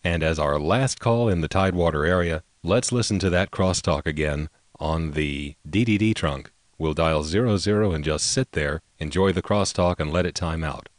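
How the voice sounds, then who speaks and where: A man hosting a show of vintage telephone recordings, narrating in an unhurried way with a fondness for technical detail. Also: deep voice, heavy background noise. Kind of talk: relaxed narration.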